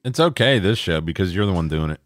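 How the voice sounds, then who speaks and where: A man's voice: low voice, animated, fast, no room sound, clean studio sound. A man co-hosting a podcast in crude casual banter, a profane storyteller prone to ranting. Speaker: podcast co-host.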